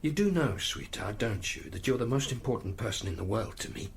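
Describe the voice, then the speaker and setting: Middle-aged father, soft and coaxing, lively pitch, played by an actor. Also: brisk, slight background noise. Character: gentle worried father. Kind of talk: audio drama acting.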